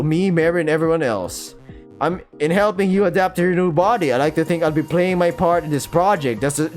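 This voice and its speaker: A man's voice: on the high side, close to an everyday voice. A Filipino man voicing an eager, earnest young woman who works as a lab handler, chatty and a little flustered, reading a visual novel aloud over faint game music.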